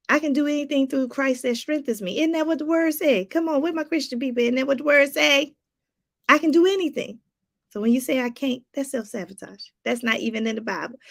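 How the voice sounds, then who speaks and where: High-voiced woman life coach preaching. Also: vocal fry. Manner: preachy, repeats phrases for emphasis; talks straight to viewers with casual asides. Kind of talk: motivational talk to viewers.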